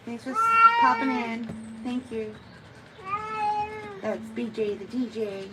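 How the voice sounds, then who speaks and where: A woman's voice: on the high side, steady tone, slow pace, heavy background noise. A woman cat groomer chatting on a live stream, cooing baby talk to the cat she grooms.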